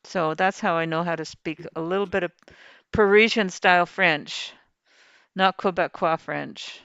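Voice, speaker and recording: A woman's voice: medium pitch, unhurried, fairly bright tone, clear, resonant tone, no echo, dull audio. A woman hosting a game livestream, chatting and rambling cheerfully while she plays. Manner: chatty, rambling, laughs easily. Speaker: livestream host. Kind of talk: casual chat while playing a farming game.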